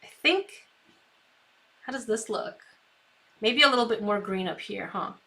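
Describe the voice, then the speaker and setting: Bright, slow-talking woman crafting live. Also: mid-range voice, lively intonation. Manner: chatty, talks to herself, giggles often; reads viewer comments aloud. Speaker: craft stream host. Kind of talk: live painting tutorial chat.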